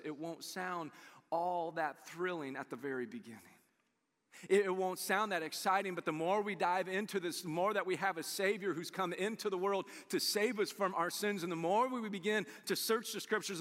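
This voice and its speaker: A high-voiced man preaching with a bright, forceful tone. He talks in a loose, conversational way, acting out the characters in his story. His voice rings out with a long reverb, as in a large church sanctuary. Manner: animated, conversational, acts out quotes. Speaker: pastor. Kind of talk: sermon.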